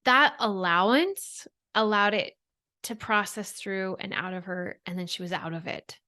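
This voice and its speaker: A woman in her thirties explains things earnestly on a podcast, checking in with the listener as she goes. Her voice sits at a middle pitch, and the sound is dry and close. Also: measured pace, pushed and bright, no echo. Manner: earnest, explanatory, often adds "right?". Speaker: guest expert. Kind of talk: podcast interview.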